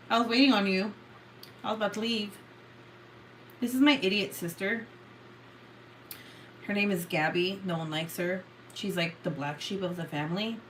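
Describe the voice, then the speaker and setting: A woman's voice: medium pitch, slight background noise. A young woman from California who hosts a late-night livestream, chatting casually, sounding sleepy, swearing a lot and laughing often. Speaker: livestream host.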